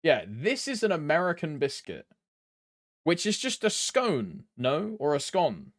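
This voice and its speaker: Rambling British man, lively voice. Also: a little high, a little slow, dry recording, clean studio sound. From Britain. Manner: rambling, swears casually, chats with viewers while playing. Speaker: game streamer. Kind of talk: casual live-stream chat.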